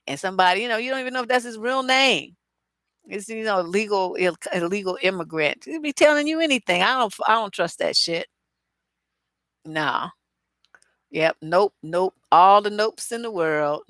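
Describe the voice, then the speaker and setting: A woman's voice: medium pitch, lively intonation, normal speed, a bit bright, no echo. A woman relationship coach answering viewer questions on a live stream in a blunt, profane, acerbic way, full of asides and mock dialogue. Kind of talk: live-stream advice chat.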